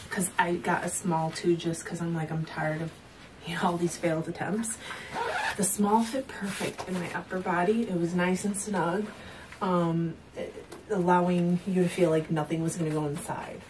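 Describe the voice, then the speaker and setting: A woman's voice: fairly low pitch, steady tone, normal speed, a little mellow, slight background noise. Chatty woman on a distant camera mic. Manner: chatty, rambling, laughs often. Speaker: fitness vlogger showing purchases. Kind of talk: casual haul vlog. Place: at home, indoors.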